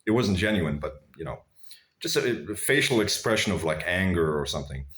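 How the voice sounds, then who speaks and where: His voice sits low with a fairly bright tone, animated and a little fast. This vlogger tells blunt, crude personal stories to camera in a rambling, casual way, referring to viewers as "guys."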